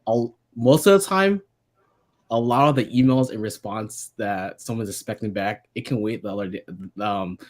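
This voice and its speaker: Lockerer Gast mit tieferer Stimme. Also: male voice, lowish voice, moderate pace. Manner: rambling, many fillers and restarts. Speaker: guest. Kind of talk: casual panel chat.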